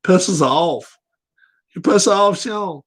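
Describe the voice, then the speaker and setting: A man's voice: sits high, takes it slowly, fairly bright tone. A man hosting a casual livestream, blunt, joking and profane. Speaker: livestream host.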